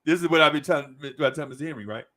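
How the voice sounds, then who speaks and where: A man hosting a casual podcast, telling a story in a slangy, animated way and checking in with "right?" as he goes. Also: on the high side, very fast. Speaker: podcast host.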